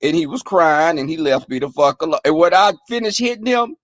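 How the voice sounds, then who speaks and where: A man hosting a live stream, casually telling stories to his chat in a profane, animated way, often breaking into laughter. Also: fairly high pitch, a little fast, no room sound.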